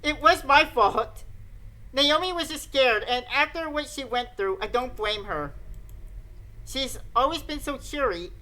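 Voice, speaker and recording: Tearful, kind schoolgirl, read by a woman: high and bright, crying through it. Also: expressive, unhurried, heavily acted.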